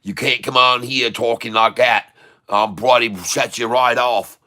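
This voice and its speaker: A man streaming his live day-trading, excitable, calling out prices over and over and taunting short sellers. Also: medium pitch, measured pace. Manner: addresses viewers as folks, taunts short sellers.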